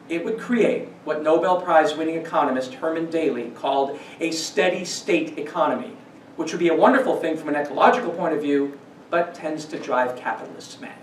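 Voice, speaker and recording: Slightly high-voiced man lecturing in an echoey room. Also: slight background noise. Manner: emphatic, shifts between slow stresses and quick asides. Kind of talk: scripted lecture. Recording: roomy echo, distant mic, faint ambience.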